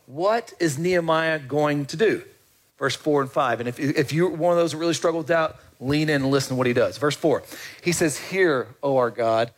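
A pastor with a slightly high voice preaches a conversational sermon, frequently putting questions to the congregation.

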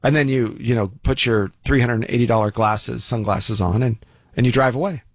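A man's voice: mid-range voice, normal speed, no echo. A man giving an opinion commentary monologue in a folksy, sarcastic way with many asides.

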